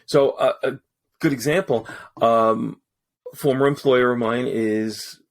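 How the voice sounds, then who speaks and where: A man with a mid-range voice chats as a podcast guest, telling animated stories about his voice-over work. He often restarts his sentences as he goes, and he sounds like he is in a studio booth. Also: medium pitch, slow. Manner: animated storyteller with many restarts. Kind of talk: casual podcast conversation. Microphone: studio mic in his booth.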